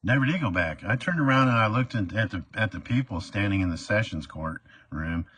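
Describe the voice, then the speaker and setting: A man's voice: fairly low pitch, lively intonation, brisk, a bit bright, slightly rough, no room sound. A man telling a personal story in a rambling, casual way, full of fillers. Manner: rambling, many uh fillers, acts out quotes.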